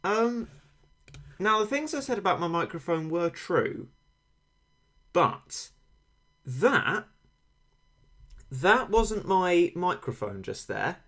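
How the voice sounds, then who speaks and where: A game streamer chats with his viewers in a high voice with big pitch swings, speaking slowly, pausing long, sounding a bit bright. Wry and rambling with dry self-mockery, he's close on a failing desk mic tilted toward him, faint game sound behind.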